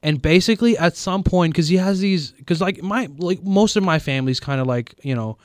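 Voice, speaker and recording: A man's voice: sits high, brisk, dry recording, clean studio sound. A man in casual chat, telling a story loosely with lots of fillers.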